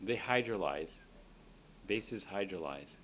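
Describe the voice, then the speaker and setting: A man's voice: deep voice, expressive, takes it slowly, a bit bright, slight background noise. A man teaching a chemistry class, explaining reactions step by step and checking in with students. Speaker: chemistry lecturer. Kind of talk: classroom lecture. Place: lecture classroom.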